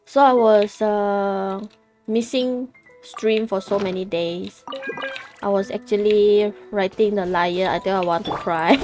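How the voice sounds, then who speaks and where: A woman's voice: mid-range voice, steady tone, slow, darkish tone, soft background music. A young woman streaming a game, chatting casually in a playful, giggly way with squeals and silly sound effects.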